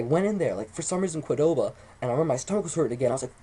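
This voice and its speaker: A young man telling a rambling, excitable story to the camera, swearing often as he goes. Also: a little high, rapid-fire, slightly rough. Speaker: vlogger.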